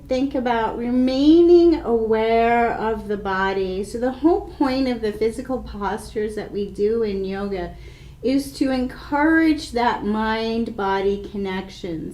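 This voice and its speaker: A woman guiding a yoga class with slow, calm, soothing instructions. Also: a little high, reverberant.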